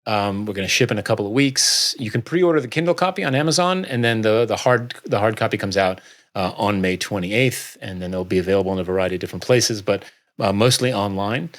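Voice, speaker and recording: A middle-aged man guesting on a podcast, talking in a relaxed, rambling way with many fillers. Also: fairly low pitch, fast. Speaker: guest author. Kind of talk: casual interview chat.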